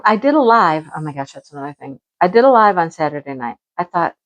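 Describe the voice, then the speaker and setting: A woman chatting casually at home as a crafting vlogger, animated and talkative, acting out her own past remarks. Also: on the low side, fast, rough recording. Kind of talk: casual chat about crafts and home life.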